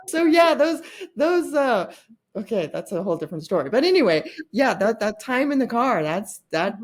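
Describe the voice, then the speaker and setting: A woman's voice: on the high side, big pitch swings, moderate pace. A middle-aged woman, a podcast guest and author, telling candid stories in conversation with quoted dialogue and laughter.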